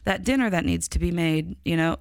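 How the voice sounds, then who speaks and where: A middle-aged woman with a faint Chicago accent speaks in a low, gravelly voice. She muses candidly on a podcast, often trailing off and starting her thought again. The sound is close and dry. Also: a little fast, dry recording. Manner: reflective, candid, trails off and restarts. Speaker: podcast co-host. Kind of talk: casual church podcast discussion.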